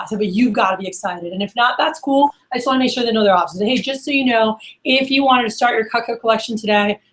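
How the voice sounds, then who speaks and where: A woman's voice: medium pitch, fairly bright tone. A woman sales manager telling stories at a workshop, acting out the phone calls she quotes. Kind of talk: workshop storytelling.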